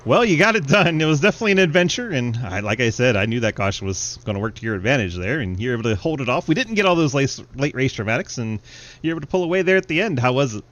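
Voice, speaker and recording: A young man calling an online sim race on a headset, excitable and quick to laugh, then chatting casually with the drivers. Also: mid-range voice, highs cut off. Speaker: race commentator and host. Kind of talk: sim racing play-by-play commentary.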